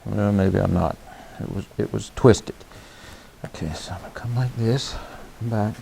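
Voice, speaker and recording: Man, horsemanship instructor, gravelly, plain-spoken, hands-on demo. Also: lowish voice, normal speed, mellow, a little hiss or hum. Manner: folksy, plain-spoken, checks in with "okay?". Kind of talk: hands-on demonstration. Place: outdoors beside a horse.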